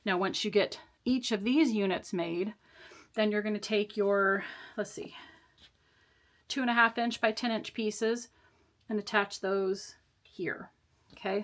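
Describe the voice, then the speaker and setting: A woman hosting a sewing tutorial, talking through the steps in a casual, chatty, reassuring way with small laughs and fillers. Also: medium pitch. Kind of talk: casual step-by-step sewing instruction.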